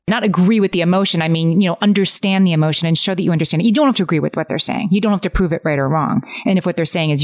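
A middle-aged woman co-hosts a casual podcast and lays out advice at a measured pace, breaking into quick acted quotes. Her voice is deep for a woman. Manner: explanatory, advice-giving, animated quotes. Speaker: podcast co-host. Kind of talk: casual parenting chat.

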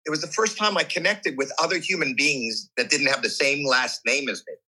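A man in his sixties, an interview guest, recounts a story in a candid conversation, acting out voices and reactions with lots of energy, often restarting and repeating words. His mid-range voice is brisk and slightly rough, and the audio quality is poor.

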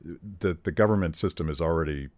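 A man hosting an interview podcast who talks in a halting way, restarting his phrases, with a wry tone. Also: sits low, darkish tone, dry recording. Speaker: podcast host. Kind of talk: interview conversation.

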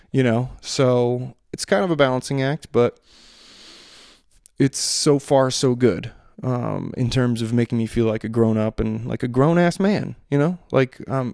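A man's voice: medium pitch, gravelly, darkish tone, no echo, studio quality. A man in his thirties talking through his thoughts in a rambling, hesitant monologue full of fillers and restarts. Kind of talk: reflective solo monologue.

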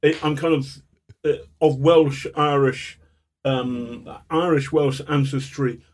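A man being interviewed as a guest, telling stories in an animated, chatty way with chuckles. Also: on the high side, slow pace. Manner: animated raconteur, chuckles as he talks. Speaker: guest, journalist. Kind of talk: casual storytelling interview.

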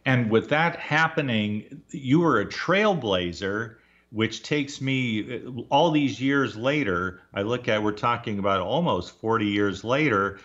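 A man's voice: mid-range voice, expressive, measured pace, a bit bright, highs cut off. A man co-hosting a radio interview, enthusiastic and reacting with short interjections. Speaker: radio show co-host.

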